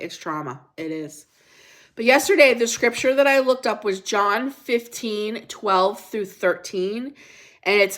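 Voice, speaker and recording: A woman's voice: mid-range voice, fairly bright tone. Middle-aged woman, livestream host, casual devotional chat, chatty, reads comments and scripture aloud, repeats herself. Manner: unsure on pronunciations, repeats herself.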